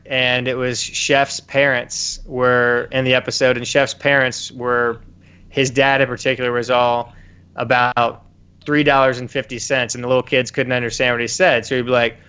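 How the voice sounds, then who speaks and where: A man's voice: mid-range voice, little pitch movement, moderate pace, pushed and bright, clean tone, dull audio. A man chatting casually as a podcast guest, laughing now and then as he talks. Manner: chatty, laughs while talking. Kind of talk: casual chat.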